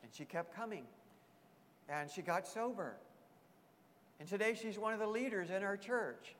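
A man's voice: high-pitched, moderate pace, fairly bright tone. A man preaching a sermon as a pastor, earnest, repeating emphatic phrases. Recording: long hall reverb.

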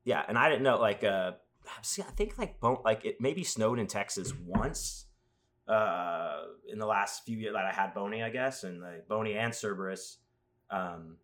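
A man chatting casually as a podcast host, telling rambling stories with crude jokes and animated asides. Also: lowish voice, moderate pace. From Las Vegas. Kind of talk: casual chat.

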